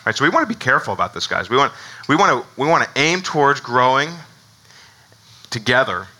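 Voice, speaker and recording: Male pastor, casual conversational sermon, very bright tone, restarts and laughs often. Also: medium pitch, sing-song, brisk, low-quality recording. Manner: conversational, many fillers and restarts.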